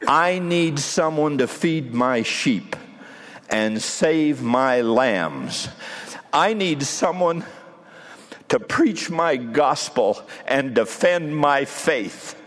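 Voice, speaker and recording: A man's voice: fairly high pitch, very animated, very slow, a bit bright, heavily acted. A man preaching gives Jesus's words in an earnest, pleading voice that rises to fervor, in a hall with a long echo. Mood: fervent.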